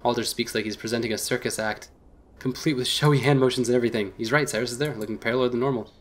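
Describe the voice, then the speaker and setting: A man's voice: mid-range voice, fairly even intonation, fast. A man hosting a let's play, casually reading a visual novel aloud with small slips.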